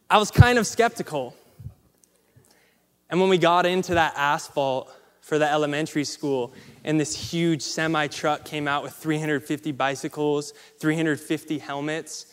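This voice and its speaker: A man's voice: on the high side, clear, resonant tone. A man giving a motivational storytelling speech, acting out the people in his stories. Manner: animated storyteller acting out quotes. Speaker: motivational speaker. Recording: long hall reverb.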